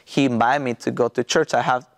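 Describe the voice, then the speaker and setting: A pastor from Mexico with a Mexican Spanish accent tells his testimony in an interview, in halting non-native English full of restarts and fillers. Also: medium pitch, steady tone.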